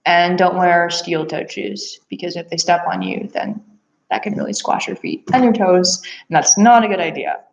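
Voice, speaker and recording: A woman's voice: on the low side, normal speed, creaky. Chatty young woman laughing through a story. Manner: animated, laughs often, many fillers. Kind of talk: casual storytelling. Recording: echoey room, dull lo-fi sound.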